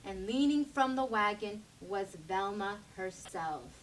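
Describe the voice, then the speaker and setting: A woman storyteller at a library, reading a children's picture book aloud in an animated way. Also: mid-range voice, recorded from a distance. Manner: slow animated read-aloud.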